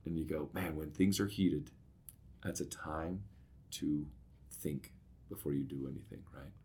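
A middle-aged man, a podcast co-host, talking casually and telling lively stories, often checking in with "right?". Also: a bass voice, unhurried. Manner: storytelling, animated when recounting, often asks "right?". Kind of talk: casual conversation.

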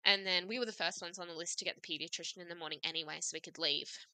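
A woman's voice: fairly low pitch, fairly even intonation, rapid-fire, bright, forceful tone, smooth, no echo. A young woman in her twenties, a podcast guest telling her story in a chatty way, full of "like" and quoted asides. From Australia. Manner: chatty, frequent "like" and "I was like" quotes. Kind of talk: casual storytelling.

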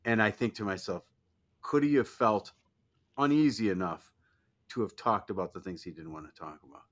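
A man's voice: fairly low pitch, moderate pace, a bit bright. A man co-hosting a casual chat show who talks reflectively and asks probing questions. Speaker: podcast co-host.

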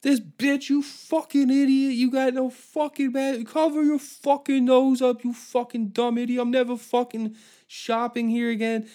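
A man's voice: little pitch movement, normal speed. A man voicing a furious middle-aged man who screams profanities at a grocery store. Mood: enraged. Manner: shrill, profane yelling.

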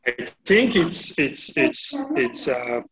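A man, a pastor in an online meeting, speaking haltingly. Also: mid-range voice, big pitch swings, a crowd in the background, poor audio. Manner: hesitant, halting.

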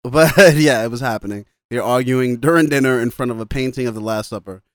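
A man's voice: medium pitch, brisk, fairly bright tone, slight background noise. A man casually recapping a film on a podcast, laughing often and quoting the characters as he goes. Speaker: podcast co-host. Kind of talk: casual movie recap chat.

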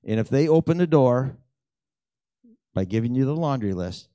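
A middle-aged man telling prayer stories in a lively, animated way, acting out the dialogue. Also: normal speed, clean tone, dry recording. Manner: animated storyteller who acts out dialogue with big pitch jumps. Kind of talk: storytelling testimony talk.

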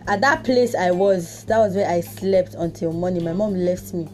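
A woman with a Nigerian accent hosting a podcast, telling a personal story in a casual, expressive way with exclamations and Pidgin touches. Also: fairly low pitch, moderate pace, faint music behind. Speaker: podcast host.

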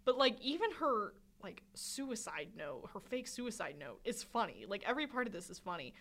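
A woman's voice: medium pitch, very animated, moderate pace, a bit bright. A woman co-hosting a podcast, chatting casually about a film and laughing often as she retells its scenes. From Swedish. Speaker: podcast co-host.

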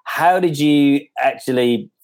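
A man's voice: medium pitch, slow, darkish tone. Man, podcast host, casual interview, short agreeable replies, midrange voice.

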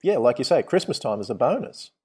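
A man talks in a relaxed, reflective way, thinking aloud with frequent hesitations. His voice sits at a medium pitch. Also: fast talker, breathy edge. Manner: reflective, hesitant, uses many fillers. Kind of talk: casual conversation.

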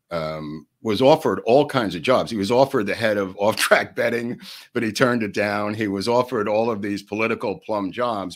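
An older man, telling rambling family stories on a podcast, laughing often and jumping his voice up high when he quotes people. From New York. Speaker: podcast co-host. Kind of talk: storytelling in casual chat.

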